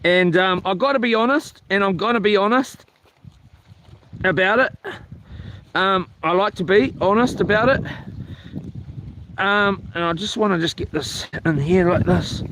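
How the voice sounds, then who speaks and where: The same kind of camping vlog scene: outdoors at a coastal campsite, wind and noise in the background. This man's voice sits high, and he speaks at a measured pace with frequent pauses, chatting casually, rambling with fillers and swearing mildly.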